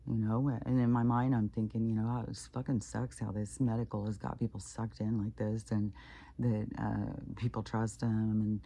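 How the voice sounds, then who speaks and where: Woman vlogger, warm low-key tone, bit of fry, chatty and meandering, swears here and there. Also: flat delivery, normal speed. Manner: rambling, with many fillers and swearing. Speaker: spiritual vlogger. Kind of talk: casual monologue.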